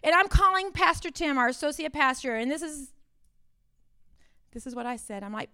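A woman pastor in her fifties delivers a conference talk in a lively, storytelling way, acting out conversations and climbing toward near-shouting. Her voice sits high and bright, with a smooth, crisp clarity. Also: fairly quick. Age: 50s. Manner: animated storytelling, rising to near-shouting in acted exchanges.

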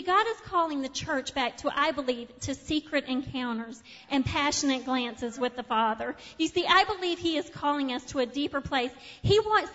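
A middle-aged woman preaches to her congregation in a high voice, earnest and heartfelt, moving between raised declarations and soft, hushed lines. The sound is a little dull, with a long reverb trailing through the church sanctuary. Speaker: pastor. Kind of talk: sermon.

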